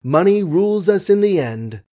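A man reading an audiobook, voicing a cynical gentleman poseur who speaks in an ironic, lofty, theatrical manner. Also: sits high, animated, moderate pace, voice pushed up. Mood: mocking.

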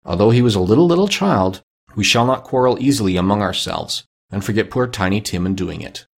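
Man doing a gentle grieving Victorian father, tender and earnest, low gravelly audiobook voice. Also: lively intonation, brisk. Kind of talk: audiobook reading.

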